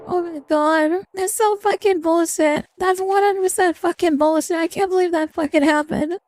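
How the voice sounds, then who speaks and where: A woman streamer reacting to a game as she plays, swearing constantly and yelling at enemies. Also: very high voice. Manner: profane, yelling, reacting loudly. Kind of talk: live gameplay commentary.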